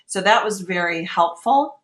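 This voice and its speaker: A woman's voice: on the low side, animated, measured pace, fairly bright tone, roomy sound. A woman in her thirties telling her own story in an interview, candid and emotional, often acting out what she thought at the time. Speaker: guest.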